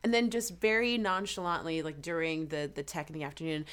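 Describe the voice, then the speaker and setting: A woman's voice: on the low side, fast talker, hardly any pauses, a bit bright, clear, resonant tone. A young woman from Georgia, a singer guest in a casual interview, telling stories animatedly and acting out quoted asides. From Georgia, USA.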